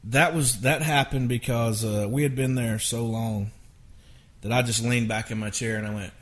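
A middle-aged man tells studio stories at a middling pitch. He talks casually and rambles, restarting his sentences as the anecdotes pile up. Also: fairly even intonation, moderate pace. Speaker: songwriter guest. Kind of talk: casual storytelling interview.

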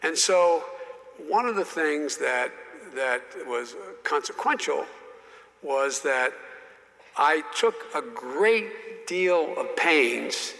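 A man's voice: fairly high pitch, expressive, gravelly, sharp tone. Older man telling stories in a hall. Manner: halting, many restarts, emphatic. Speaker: storyteller, former senator. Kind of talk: anecdotal talk.

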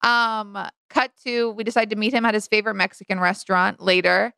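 Gravelly bright-voiced woman telling a story. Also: level tone, fairly quick, dry recording. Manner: chatty, acts out quoted lines with big pitch jumps. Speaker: podcast co-host. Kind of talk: casual storytelling chat.

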